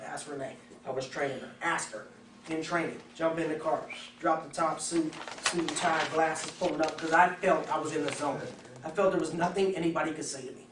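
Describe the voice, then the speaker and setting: An animated man runs a sales training session for insurance agents, talking casually and acting out conversations with customers. His voice is a little high, captured from far off in an echoey room with slight background noise.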